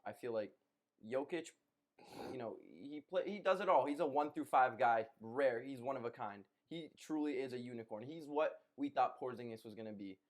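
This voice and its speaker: A man's voice: medium pitch, normal speed. Young man arguing basketball. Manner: argumentative, repeats phrases. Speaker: podcast co-host. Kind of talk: casual sports debate.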